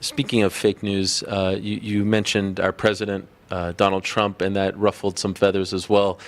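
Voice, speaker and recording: A man's voice: low-pitched, level tone, moderate pace. A male interviewer asking long, stumbling questions full of fillers.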